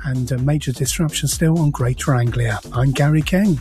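A man reading a radio traffic bulletin in a brisk, matter-of-fact way. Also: mid-range voice, over loud music. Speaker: traffic and travel reporter. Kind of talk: read radio travel bulletin.

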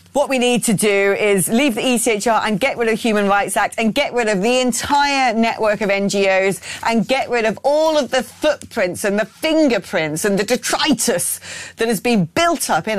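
A woman's voice: medium pitch, no room sound. A woman hosting a political talk radio show, opinionated and blunt, reading out listener messages with frequent ums and restarts.

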